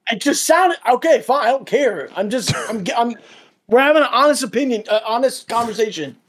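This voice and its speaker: A man's voice: very high voice, animated, brisk, a bit bright, slight background noise. A man as a guest in a casual chat over a call, laid-back and teasing, full of dude and bro.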